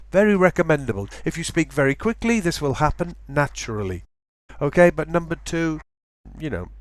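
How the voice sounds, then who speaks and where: A man teaching English pronunciation in a lecture, saying example words slowly and repeating them to show the sounds. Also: a little high.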